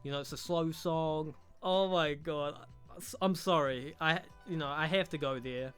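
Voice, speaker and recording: A man talks through a show review in a casual vlog, crude and profane, with a mocking edge. His voice is bright, crisp and on the high side. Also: a little slow, faint music behind.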